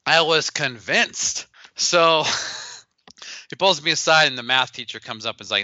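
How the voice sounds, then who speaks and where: A middle-aged business founder, interviewed as a podcast guest, tells stories and animatedly acts out the dialogue he quotes. His voice is fairly high and unhurried. The lo-fi recording has no room sound.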